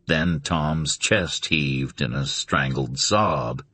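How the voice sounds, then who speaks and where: A man narrating a suspense novel in a steady, dramatic reading. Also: very deep voice, extremely slow, dry recording. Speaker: audiobook narrator. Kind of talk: scripted narration.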